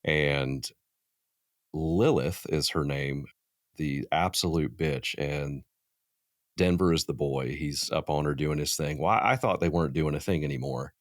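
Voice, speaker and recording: A man in his thirties spins a story as a guest on a podcast, lively and full of swearing. His voice sits low, and the sound is dry and close with no room around it. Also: a little slow, dry recording. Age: 30s. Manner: animated, profane storyteller. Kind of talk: casual storytelling chat.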